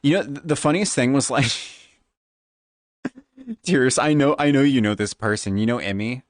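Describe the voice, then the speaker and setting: A flamboyant man chatting on stream, a little tipsy and slipping into a Valley Girl lilt. His pitch swoops up and down with a lot of life, and the sound is dry and close, with no room echo. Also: moderate pace. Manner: flamboyant, animated. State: tipsy from drinking. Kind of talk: casual stream chat.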